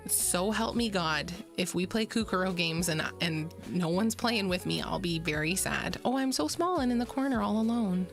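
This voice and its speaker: A woman streamer chatting playfully with her live chat from a home setup, giggling and joking. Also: mid-range voice.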